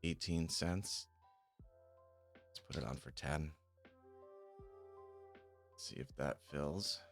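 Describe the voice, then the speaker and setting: A man's voice: very deep voice, takes it slowly, a bit bright. A man chatting casually on a live stream while playing a game and checking options trades, muttering and swearing when annoyed. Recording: faint music behind. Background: faint music.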